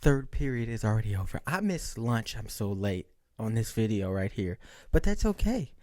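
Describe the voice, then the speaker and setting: A young man with a raspy voice, rambling jokingly and mocking himself while hosting his own podcast. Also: on the low side, very animated, normal speed, a little mellow, no room sound, clean studio sound. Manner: rambling, jokey, self-mocking. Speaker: podcast host. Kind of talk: casual solo chat.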